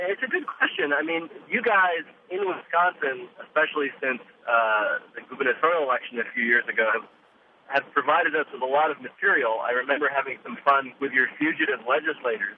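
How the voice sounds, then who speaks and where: A man hosting a radio quiz show, chatting casually and animatedly about a trip. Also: a little fast. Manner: lively and animated, jumping up in pitch. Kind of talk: casual radio interview chat. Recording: tinny phone line with faint noise.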